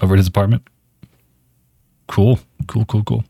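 A man's voice: fairly low pitch, steady tone, moderate pace, creaky, dark tone, no room sound. A man holding a breezy, self-important one-sided phone call, talking with frequent ums and restarts. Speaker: podcast host doing a comedy phone skit.

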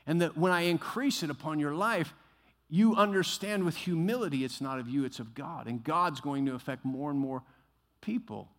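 A man's voice: a little high, moderate pace. Man preaching in a reverberant church. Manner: swings from quiet musing to loud exhortation; acts out quoted voices, laughs at himself. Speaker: pastor. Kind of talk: sermon. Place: church sanctuary. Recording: long hall reverb.

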